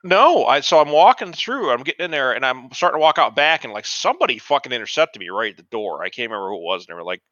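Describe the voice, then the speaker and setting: A man casually telling a profane, animated story about an old job, acting out the dialogue. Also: mid-range voice, fast talker, few pauses, no echo, muffled recording. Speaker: podcast co-host.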